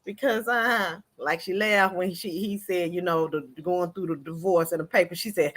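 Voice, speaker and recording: Woman vlogger chatting about gossip, animated and laughy, real casual. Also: lowish voice, moderate pace, few pauses. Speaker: commentary vlogger.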